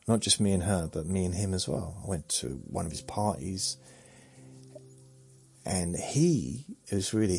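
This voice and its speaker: Deep gravelly rambling man. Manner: meandering, muttered asides, trails off. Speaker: sleep podcast host. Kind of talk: rambling bedtime monologue.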